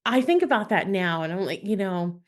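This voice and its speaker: A woman's voice: medium pitch, expressive, moderate pace. A woman hosting a podcast, chatting casually, often laughing and acting out quoted lines in her stories. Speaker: podcast host. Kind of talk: casual interview chat.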